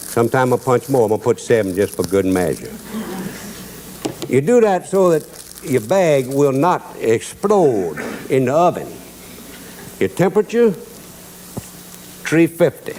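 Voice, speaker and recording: A man's voice: mid-range voice, animated, moderate pace, dark tone, a little hiss or hum. A man with a Cajun Louisiana accent hosts a cooking show, drawling and joking as he walks through a recipe and chuckles at his own lines. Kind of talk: folksy cooking demonstration with storytelling.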